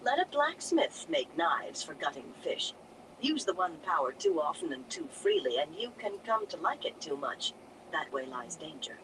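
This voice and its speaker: A reader voicing a commanding older woman leader who is brisk, wry and stern, in an audiobook reading. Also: mid-range voice, sing-song, background noise, natural voice. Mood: lecturing. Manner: cheerful yet stern.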